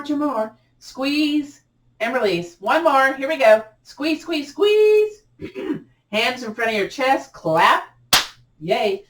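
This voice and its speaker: A woman leading a gentle yoga class, giving upbeat, cheering cues with chatty asides, her voice a little cracked as she clears her throat. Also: medium pitch. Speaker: yoga instructor. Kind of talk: guided yoga class instruction. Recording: echoey room, distant mic.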